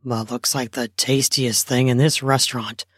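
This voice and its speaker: A woman voicing a flirtatious male stranger in a low, teasing voice, in improvised erotic storytelling. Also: level tone, normal speed, no echo, clean studio sound. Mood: flirty. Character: Mike, a flirtatious grinning stranger man.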